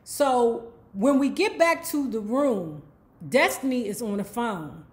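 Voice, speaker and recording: A woman recapping a novel in a loose, chatty way, swearing freely and turning to the listener with "okay?" and "right?". Her voice sits fairly high for a woman. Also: animated, takes it slowly. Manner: chatty, profane, asides to the listener. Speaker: book club host. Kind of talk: casual book recap storytelling.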